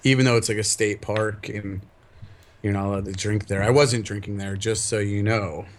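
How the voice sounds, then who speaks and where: A man co-hosting a podcast who tells rowdy stories in a loud, giggly, casual chat. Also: on the low side, fairly even intonation, moderate pace. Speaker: podcast co-host.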